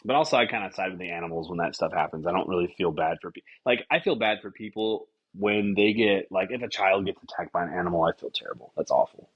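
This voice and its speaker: A husky young man with a lowish voice riffs on whatever comes to mind, swearing freely and jumping into little acted-out lines. The sound is slightly dull and lo-fi. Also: quick pace, few pauses. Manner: rambling, profane, animated with acted-out quotes. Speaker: podcast host. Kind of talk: casual comedic monologue.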